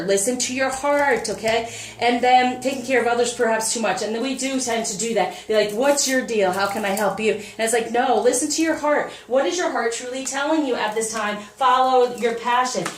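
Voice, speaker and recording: A woman giving a casual spoken tarot reading as a spiritual coach, upbeat and encouraging. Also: high-pitched. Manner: upbeat, encouraging, animated with laughs and quoted asides. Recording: echoey room, voice a bit far from the mic, faint noise.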